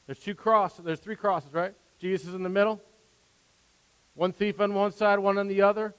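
His voice sits high and clear with a resonant tone, though his pitch barely moves as he preaches at a moderate pace. Speaking from the pulpit of a church sanctuary, the pastor sounds earnest and conversational, leaning into rising emphasis and asides, and the recording carries a long hall reverb.

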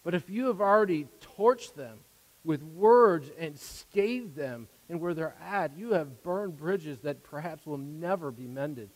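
A man preaching a sermon as a pastor, earnest, repeating words as his volume swings from soft to loud. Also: a little high, long reverb tail, low-quality recording.

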